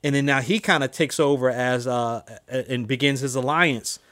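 A man's voice: medium pitch, fairly even intonation, normal speed, a bit bright. A man in casual film discussion, agreeable and chiming in, recapping plot points.

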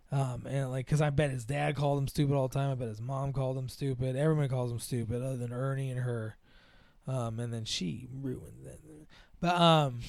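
A man's voice: mid-range voice, darkish tone, no room sound, clean studio sound. A man in casual chat recapping a film's plot, rambling with lots of fillers and acting out the characters' lines.

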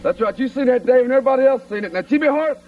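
Wrestler guy, high pitched, fired up calling someone out, sounds a bit far from the mic on old tv tape. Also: lively intonation, racing, a little mellow. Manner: indignant, challenging, calls out his rival. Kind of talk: angry promo interview. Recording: archive TV recording, off-mic.

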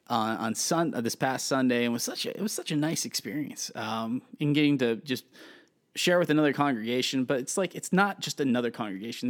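A man in his thirties co-hosting a podcast, telling stories in a lively, chatty way with plenty of fillers. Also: medium pitch. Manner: animated storytelling with many fillers. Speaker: podcast co-host. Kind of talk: casual chat.

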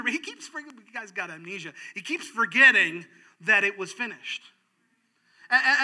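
A male pastor preaching a sermon in an animated way, swinging from loud, emphatic lines down to hushed, quiet ones. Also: high voice.

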